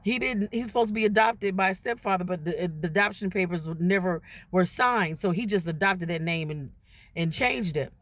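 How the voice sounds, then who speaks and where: A woman's voice: lowish voice, normal speed, dry recording. A woman telling a personal story in a casual, chatty way to her viewers, acting out what other people said. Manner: chatty, addresses viewers directly, acts out quoted voices.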